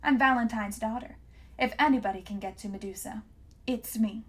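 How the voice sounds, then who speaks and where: Brief: woman voicing defiant teen girl, pleading, high and loud. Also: normal speed, lightly acted. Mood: earnest. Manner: pleading, shrill protests. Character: desperate teenage girl, brave and headstrong.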